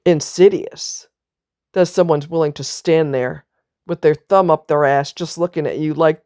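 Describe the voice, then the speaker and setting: A woman's voice: low-pitched, moderate pace, warm tone, clean tone, dry recording, studio quality. A woman vlogger telling a personal story in a blunt, emphatic way, now and then swearing. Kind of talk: casual personal monologue.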